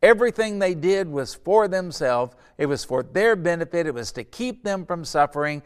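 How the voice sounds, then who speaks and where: A middle-aged pastor teaching a Sunday school Bible lesson, earnest and conversational, building to emphatic points. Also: male voice, on the high side, animated, normal speed, smooth.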